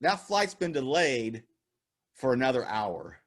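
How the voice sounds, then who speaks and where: A man voicing a brisk, blunt woman airport worker in a story he tells during a talk. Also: mid-range voice, sing-song, voice pushed down.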